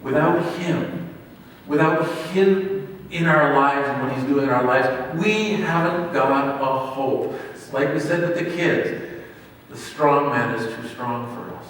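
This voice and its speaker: A male pastor delivers a sermon in a church hall, building to loud emphatic peaks and falling away to quiet lines. The mic sits far off, so his voice rings through a long, roomy reverb with a faint hum of ambience behind. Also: medium pitch, expressive, slow. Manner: dynamic preaching, swinging from loud emphasis to near hush.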